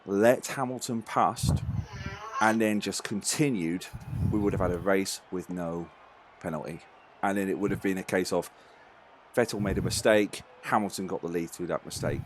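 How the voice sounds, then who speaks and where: A man co-hosting a podcast, talking casually and working through his opinion aloud. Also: lowish voice. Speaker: podcast co-host. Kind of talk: casual chat. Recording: background noise.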